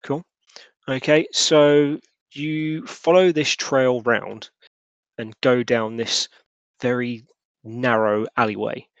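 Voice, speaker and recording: A man runs a tabletop horror game, rambling through his narration with plenty of fillers and restarts. His voice sits at a middle pitch. The recording is dry and a little dull. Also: steady tone, slow, no echo. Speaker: game master.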